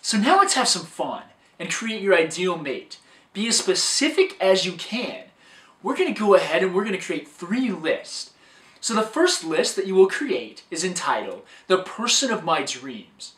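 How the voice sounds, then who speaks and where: A man's voice: sits high, sing-song, moderate pace, fairly bright tone, recorded from a distance. A man giving an upbeat, scripted talk as a dating coach, recorded in an echoey room a little way from the microphone.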